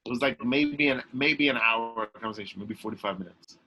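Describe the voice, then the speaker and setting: A young man telling a story as a podcast guest, emphatic and lively, with many restarts. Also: medium pitch, a little fast, rough recording. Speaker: guest, actor and comedian. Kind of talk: animated storytelling in a podcast interview.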